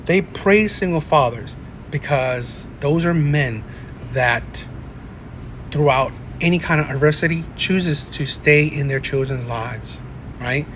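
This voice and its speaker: A man's voice: fairly high pitch, takes it slowly, a bit bright, a little hiss or hum. A man hosting reaction commentary, ranting and tagging his points with "right?". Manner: ranting, keeps asking "right?". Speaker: commentary host. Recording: echoey room.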